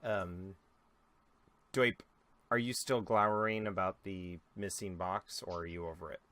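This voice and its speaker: Bright-voiced young man running a game. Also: sits low, a little slow, dry recording. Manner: relaxed, loose storytelling with many fillers. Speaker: dungeon master. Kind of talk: narrating a tabletop game.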